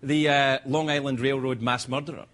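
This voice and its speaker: A man's voice: moderate pace, noisy background. A Scottish man hosting a late-night show, telling self-mocking stories in a stand-up monologue. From Scotland. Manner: animated, self-mocking storytelling with sudden high-pitched bursts. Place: television studio with live audience.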